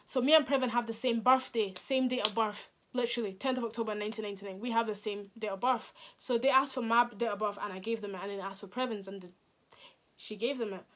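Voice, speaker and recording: A woman's voice: on the high side, quick pace, slight background noise. A woman, telling a casual storytime, acting out quotes and dropping into whispers. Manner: animated, acts out quotes, drops into whispers. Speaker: vlogger.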